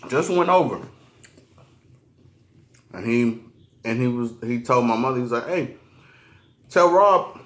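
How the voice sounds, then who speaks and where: A man telling a personal story while eating on camera, slangy and profane, often stopping and restarting. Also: mid-range voice. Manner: halting, restarts a lot. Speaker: mukbang vlogger.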